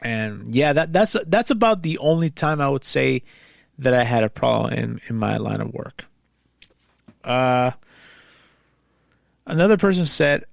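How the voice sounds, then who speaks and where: Brief: male host, gravelly voice, dry close sound, rambling casual commentary on posts he reads aloud. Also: medium pitch, expressive, a little slow, pauses often, no room sound. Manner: rambling and conversational. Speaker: podcast host.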